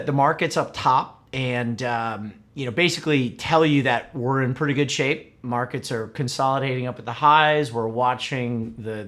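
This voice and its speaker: A middle-aged man from upstate New York, hosting a casual livestream chat with lots of fillers. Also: medium pitch. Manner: relaxed, chatty, frequent fillers. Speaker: host.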